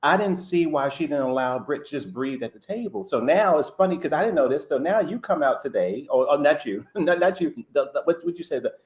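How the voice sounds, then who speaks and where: Animated man chatting gossip. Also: on the high side, brisk, few pauses. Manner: animated, repeats words and restarts. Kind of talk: casual gossip chat.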